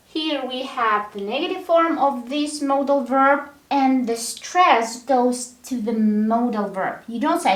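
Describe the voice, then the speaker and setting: A woman teaching an English grammar lesson, speaking patiently and repeating words one at a time to show the stress. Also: a little high. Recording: echoey room.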